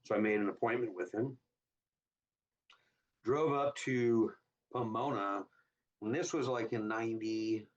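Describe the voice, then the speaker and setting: A man's voice: on the low side, measured pace, long pauses. A man in his fifties from Southern California, a guest on an interview telling stories and acting out the voices of the people in them. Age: 50s. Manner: animated storyteller who acts out quoted dialogue in a raised voice. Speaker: guest, hot rod builder. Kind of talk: casual interview storytelling. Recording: slightly distant, dull lo-fi sound.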